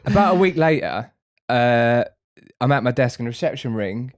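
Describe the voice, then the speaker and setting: A man's voice: mid-range voice, animated, normal speed, no echo, studio quality. A man telling a long funny story on a podcast, swearing freely and laughing along. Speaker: podcast co-host. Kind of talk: casual storytelling.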